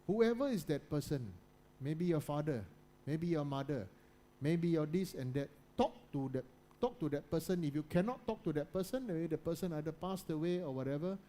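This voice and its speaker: A man with a slightly high voice gives a motivational talk to a student audience. He talks in repeated phrases and keeps asking the listeners to agree with him. He often drops to a quiet, low voice for emphasis. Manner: repetitive, keeps checking in with listeners. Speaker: guest speaker.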